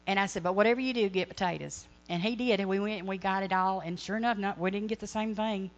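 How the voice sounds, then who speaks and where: A woman's voice: medium pitch, steady tone, quick pace, lo-fi sound. A middle-aged woman sharing a church testimony, earnest and rambling, often correcting herself. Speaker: ministry speaker.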